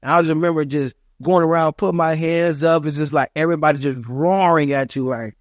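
Young guy, ex football player, chatty and excited, dry close mic. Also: fairly high pitch, brisk, no room sound. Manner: animated, acts out quotes of family and fans. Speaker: former football player, guest. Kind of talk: storytelling interview.

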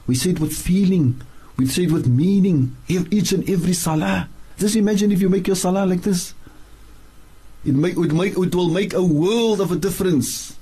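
A man teaching religion on the radio, his voice mellow, husky and a little high. He chants Arabic verses and repeats his main points for emphasis. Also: moderate pace. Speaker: Islamic scholar, radio show guest.

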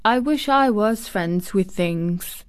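A woman's voice: medium pitch, expressive, takes it slowly, smooth. A woman voicing a sickly, fretful young boy in a storybook reading. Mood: wistful.

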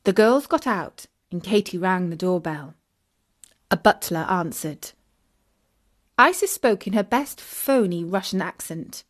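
A woman narrating a children's audiobook, clear and expressive. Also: on the low side, a little slow. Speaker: storyteller.

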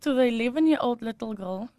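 A woman's voice: on the high side, expressive, brisk, warm tone, no room sound. A woman giving a personal testimony as an interview guest, laughing often and turning emotional.

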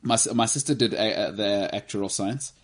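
A man's voice: fairly low pitch, a little fast. A man hosting a casual sports chat, rambling and teasing his co-host with jokes. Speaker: podcast host.

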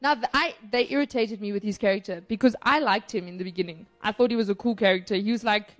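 A woman's voice: mid-range voice, fast, faint music behind. Opinionated woman reviewing a film. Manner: opinionated, emphatic, laughs often. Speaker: podcast co-host. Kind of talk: casual film review chat.

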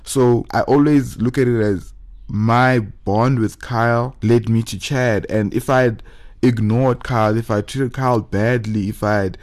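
A young man hosting a podcast, telling a personal story in a halting, emotional way, holding back tears and repeating his words. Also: medium pitch, steady tone, darkish tone. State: tearful, holding back crying. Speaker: podcast host.

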